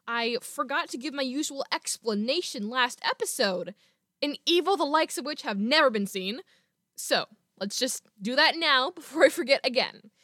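A woman podcast host with a fairly high voice talks in an excitable, playfully self-mocking way. She also reads a short piece aloud in the same voice. The recording is dry and close, with no room sound. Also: dry recording. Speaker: student. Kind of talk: chatty podcast talk with a story reading.

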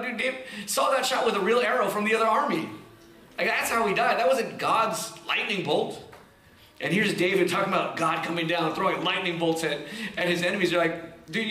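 Lively, bright-voiced male preacher in an echoey room. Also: high-pitched, slight background noise. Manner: animated, conversational preaching with casual asides. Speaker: pastor. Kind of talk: sermon.

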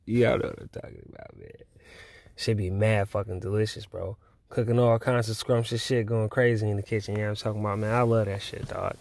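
Brisk and somewhat mellow, a twenty-something man's lowish voice holds a steady tone as he hosts a podcast by himself. He rambles casually, swears freely, and laughs frequently.

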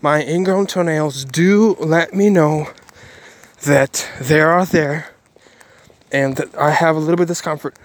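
Rambling earnest man vlogging, slightly high. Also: measured pace. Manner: rambling, self-correcting, earnest. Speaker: Christian vlogger. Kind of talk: casual daily vlog.

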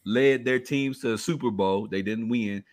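A man's voice: medium pitch, normal speed, dry recording. A man hosting a casual sports podcast, leading the segments in a laid-back way. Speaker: podcast host.

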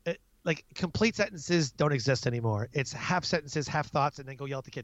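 Man in his 30s, military NCO, animated storyteller, mid-pitched, dry and slightly dull sound. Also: a little fast, hardly any pauses, no echo. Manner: animated, laughing, acts out his own outbursts. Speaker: guest; military non-commissioned officer. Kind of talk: casual storytelling interview.

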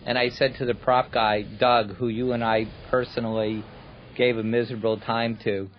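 A mid-pitched man talks through a film commentary, explaining how scenes were shot and telling stories from the set. The recording is dull and lo-fi, with the top end rolled off. His tone is steady and explanatory. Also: normal speed, a little hiss or hum. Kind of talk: anecdotal commentary.

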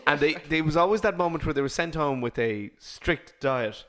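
A man's voice: on the high side, lively intonation, moderate pace, a loud crowd. A man co-hosting a podcast who asks questions and makes emphatic points in casual chat. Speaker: podcast co-host.

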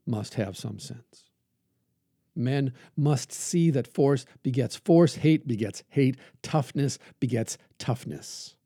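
Male preacher, gravelly and dark-toned, measured sermon reading with building emphasis. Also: mid-range voice, no echo, clean studio sound. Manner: measured and earnest, halting pauses, rising emphasis when reading. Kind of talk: podcast reflection and sermon reading.

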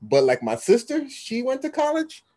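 A man's voice: very high-pitched, wildly swooping pitch, normal speed, mellow. A man co-hosting a podcast in casual chat, laid-back and loose. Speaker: podcast co-host.

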